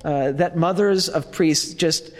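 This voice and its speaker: A priest giving a retreat talk in a relaxed, conversational way, with playful asides to his listeners. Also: a little high, slow. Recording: long hall reverb.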